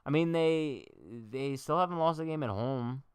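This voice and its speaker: A man's voice: fairly high pitch, normal speed, clean tone, dry recording. A young man hosting a casual baseball livestream, chatting and joking straight to his viewers. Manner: chatty, jokey, talks to chat directly.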